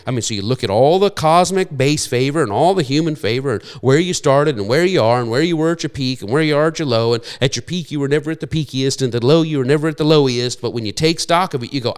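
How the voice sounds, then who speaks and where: A man's voice: mid-range voice, animated, fast, few pauses, clean tone. A man preaching a sermon as pastor, rambling through repeated words and fillers and acting out voices he quotes.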